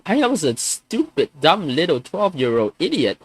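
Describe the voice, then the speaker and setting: Young male streamer, fairly high voice that swings up and down, frustrated and cursing, close dry sound, stumbles over his words. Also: big pitch swings, normal speed, no echo. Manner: frustrated, swearing, stammering restarts. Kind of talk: venting on a live stream.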